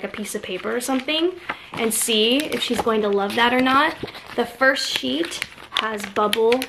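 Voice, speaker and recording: A woman's voice: fairly high pitch, bright, forceful tone, a little hiss or hum. A woman in her thirties chatting casually through a shopping haul, gushing with enthusiasm over each item. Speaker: haul vlogger. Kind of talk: casual show-and-tell haul.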